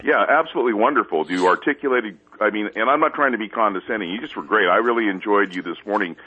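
A man's voice: fairly low pitch, slightly rough. A man calling in to a talk radio show, effusive and full of "I mean"s. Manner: effusive, talks fast with many "I mean"s. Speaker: caller. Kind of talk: call-in talk. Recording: tinny phone line.

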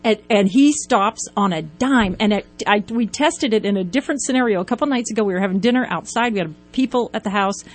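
A woman guest on a radio show, telling an animated story about her dog. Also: mid-range voice, soft background music. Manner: lively storyteller, quick and animated. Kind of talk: casual radio interview, storytelling.

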